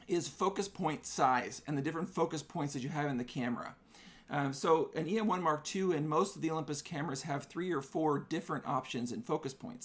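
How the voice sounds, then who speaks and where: A man hosting a live-stream photography tutorial, chatty, explaining camera settings step by step. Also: on the high side.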